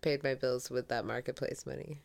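A woman's voice: rumbling low, fairly even intonation, a little fast, vocal fry. A woman co-hosting a casual podcast chat, laughing often and swearing freely, with a sore throat. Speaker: podcast co-host.

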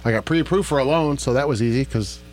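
A man co-hosting a podcast, talking in a chatty, animated way with quoted voices. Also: mid-range voice, fast talker, soft background music. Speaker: podcast co-host. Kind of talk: casual chat.

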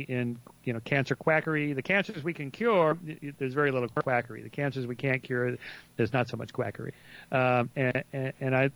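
A man talking casually as a radio guest, his speech full of "you know" and restarts. His pitch sits in an ordinary middle range. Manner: hesitant, many fillers and restarts. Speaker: guest author. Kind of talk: casual interview talk.

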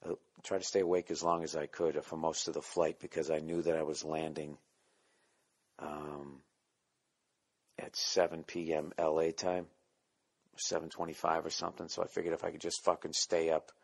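Deep-voiced male comic host, solo podcast monologue, profane, self-deprecating, drops into goofy voices. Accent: Boston. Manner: profane, self-mocking, jumps into silly voices; keeping voice down, quiet and low at times. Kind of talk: rambling comedic monologue.

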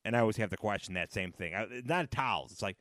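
A man's voice: on the low side, lively intonation, fast, a bit bright, no room sound, clean studio sound. A man hosting a casual solo podcast, chatty and rambling, often laughing at his own jokes and repeating phrases for emphasis. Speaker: podcast host.

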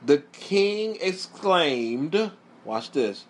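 High-voiced, slow preaching man. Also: expressive. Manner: emphatic and repetitive, keeps urging listeners to watch. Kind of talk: sermon.

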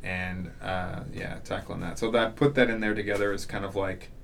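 Animated man telling stories, faint background noise. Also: sits low, moderate pace, gravelly. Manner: animated storyteller, acts out quotes, many fillers. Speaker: podcast guest, audio drama author. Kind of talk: casual podcast chat.

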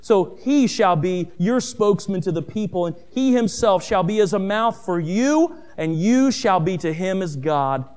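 A middle-aged man preaching a sermon who tells stories, calls his listeners family, and rises in pitch and volume on key points. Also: expressive, measured pace, few pauses, a little mellow, clear, resonant tone. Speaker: pastor.

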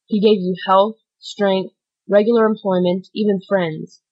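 A woman's voice: mid-range voice, level tone, highs cut off, natural voice. A woman voicing a stern solemn priest. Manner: grave, measured, admonishing.

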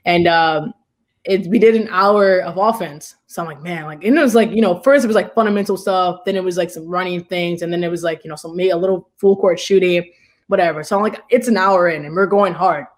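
A woman's voice: on the low side, brisk. A young woman, a basketball player, telling a story as an interview guest in a rambling, casual way, full of "like" and "you know".

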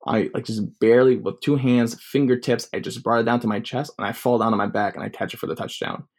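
A man's voice: mid-range voice, fairly even intonation, quick pace, darkish tone. A man in his twenties telling a personal story casually, rambling with many fillers. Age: 20s.

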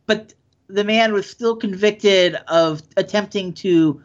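A man's voice: sits high, fairly even intonation, measured pace. A man co-hosting a podcast who reads news stories in a casual chat and often stumbles and corrects himself. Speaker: podcast co-host. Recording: dull lo-fi sound.

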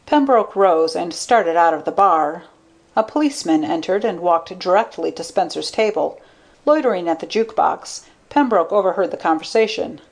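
A woman narrating an audiobook story in an even, steady manner. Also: lowish voice, moderate pace.

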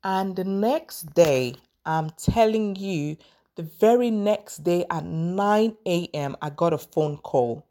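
A young woman from Cameroon talks to camera in a low, deep voice, telling a personal story and mixing in advice for job seekers. Her delivery is casual and animated, full of fillers and restarts, and she acts out phone calls as she goes. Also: slow. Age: young adult. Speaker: vlogger giving career advice.

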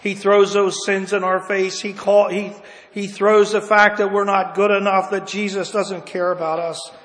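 High-voiced man preaching a sermon in a reverberant hall. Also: flat delivery, normal speed. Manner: rises to loud impassioned cries, drops to hushed low lines; reads scripture in old-fashioned wording.

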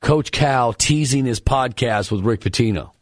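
A man hosts a sports talk radio show in a chatty, animated way, with a mid-range voice. He is close on a dry studio mic, and he jokes about his co-host between sports takes. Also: mid-range voice, moderate pace, no echo.

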